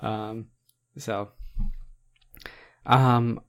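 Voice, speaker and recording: A man's voice: on the low side, steady tone, drawn-out words, fairly bright tone. Rambling, laughing man. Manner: rambling, filler-heavy, laughing often. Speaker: podcast co-host. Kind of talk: casual chat.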